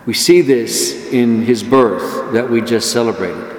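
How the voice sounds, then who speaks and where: A man's voice: medium pitch, slow pace. A man preaching a homily at Mass, earnest and emphatic, lifting his voice when he gives the words of God. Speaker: priest. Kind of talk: sermon. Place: church. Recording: echoey church hall.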